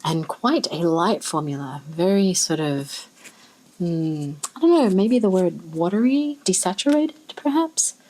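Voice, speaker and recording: A woman with an Australian accent, chatting casually and thinking aloud as she swatches fountain pen inks, with soft musing exclamations. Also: on the low side, animated, a little slow, low-quality recording. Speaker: ink swatching vlogger. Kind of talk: casual chat while swatching.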